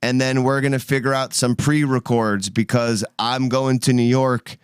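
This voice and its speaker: A male podcast host talks casually and asks questions, hedging with "like" and "you know" as he works through his thoughts. His voice sounds smooth and resonant on a dry, close studio mic. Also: medium pitch, little pitch movement, normal speed, no echo. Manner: hesitant, probing, fills with "like". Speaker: show host.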